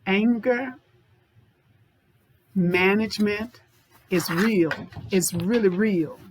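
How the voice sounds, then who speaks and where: A woman's voice: medium pitch, drawn-out words, noisy background. A woman anger management therapist giving an informal self-help talk, speaking directly to viewers and repeating points for emphasis.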